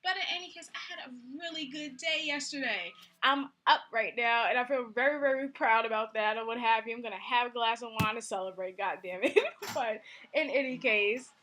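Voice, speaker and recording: A young woman tells a story straight to the camera in a casual vlog, animated and candid, acting out what people said. Her voice sits a little high and has a bright, sharp edge. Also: brisk, slight background noise. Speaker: vlogger.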